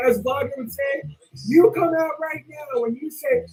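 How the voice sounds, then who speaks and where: A woman's voice: high voice, moderate pace, mellow, low-quality recording. A woman ranting in blunt, repetitive commentary, often asking "right?" and swearing casually. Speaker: commentary vlogger.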